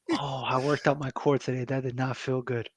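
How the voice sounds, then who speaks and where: A man talks through a wrestling episode in loose, profane podcast banter. His voice sits at an ordinary middle pitch and sounds dry and close to the mic, with no room around it. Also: dry recording. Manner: loose and profane, with frequent fillers and laughs. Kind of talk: casual chat recapping a wrestling show.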